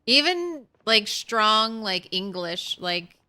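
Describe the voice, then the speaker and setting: A woman streaming a game and chatting to her viewers in a loose, rambling way. Her voice is bright and clear, with a crisp, smooth tone. She takes her time, speaking at an unhurried pace. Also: medium pitch, big pitch swings. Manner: chatty, rambling, talks to chat. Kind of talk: casual gameplay commentary.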